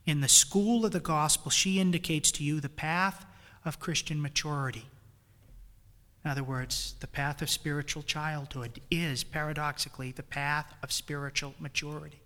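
A man's voice: a little high, steady tone, normal speed, sharp tone, long reverb tail. A man with a New England accent preaching a retreat sermon, swelling emphatically on key phrases. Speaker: priest leading a retreat.

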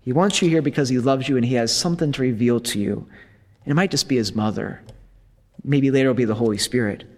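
A priest giving a retreat talk in a relaxed, conversational way, with playful asides to his listeners. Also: medium pitch, fast. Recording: long hall reverb.

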